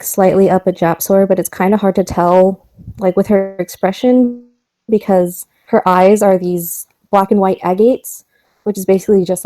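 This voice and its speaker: A woman's voice: medium pitch, warm tone, low-quality recording. A woman describing her character in a casual tabletop game, hesitant with many fillers and laughs. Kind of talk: casual tabletop role-play.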